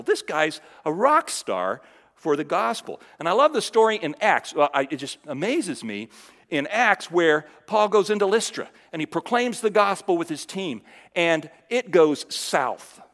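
A man preaching a sermon in a conversational way, asking the audience questions and dropping from loud emphasis to near-whispered lows. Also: sing-song, moderate pace, long reverb tail. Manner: conversational, with fillers and restarts, asks the audience questions.

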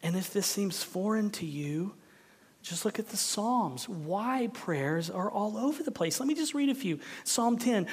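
A male pastor preaching an impassioned sermon in a church. He swings between shouted pleas and hushed, quiet lines. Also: sits high, normal speed. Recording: long hall reverb.

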